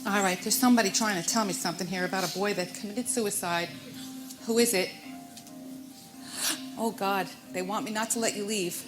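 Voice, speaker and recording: A woman's voice: medium pitch, fairly even intonation, brisk, pauses often, over music. A woman working as a stage medium, addressing audience members one by one and calling them sweetheart and honey. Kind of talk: live audience reading.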